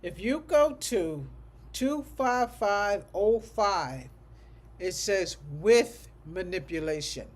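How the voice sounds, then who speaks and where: A medical coding instructor giving a livestreamed class lecture, thinking aloud and ending most sentences with a checking "okay?" while slowly repeating code numbers. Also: mid-range voice, expressive.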